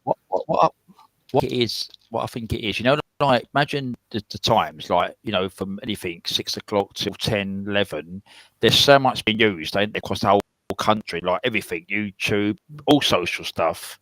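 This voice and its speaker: A man from England hosting a casual live stream from home on headphones, rambling and halting as he talks. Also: on the low side, a bit bright, no room sound. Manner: rambling, halting, repeats himself.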